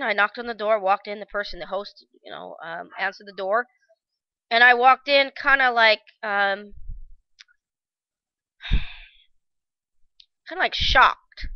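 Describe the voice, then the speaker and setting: A woman vlogger recounting a personal story in a halting, reflective way, with frequent restarts and fillers. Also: fairly high pitch, smooth, no room sound, lo-fi sound.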